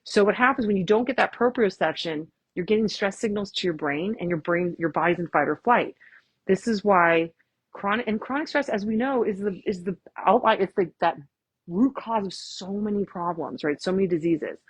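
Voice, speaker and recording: A woman chiropractor, giving a lively, chatty workshop talk and often asking "right?". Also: mid-range voice, normal speed, breathy edge, no room sound. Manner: chatty, tags lines with "right?", acts out quotes. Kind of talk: casual, enthusiastic presentation.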